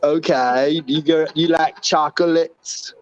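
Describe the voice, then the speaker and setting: A man voicing a slow, simple-minded grown man with a drawling delivery, heard over a phone call. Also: on the high side, steady tone, smooth, pitched below the performer's own voice. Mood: deadpan. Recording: dull phone line.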